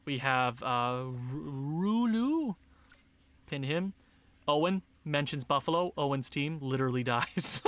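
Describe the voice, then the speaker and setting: Excitable young man commenting on gameplay. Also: a little high, slow, dry recording. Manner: excitable, talks to his players, bursts into shouts and laughs. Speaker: gaming YouTuber.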